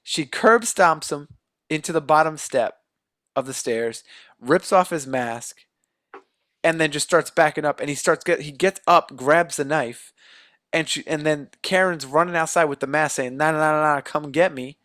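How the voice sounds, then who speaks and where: A man co-hosting a podcast, excitedly retelling a film plot and acting out the characters' lines in a casual chat. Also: fairly high pitch, measured pace, no echo, studio quality. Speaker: podcast co-host. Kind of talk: casual movie recap.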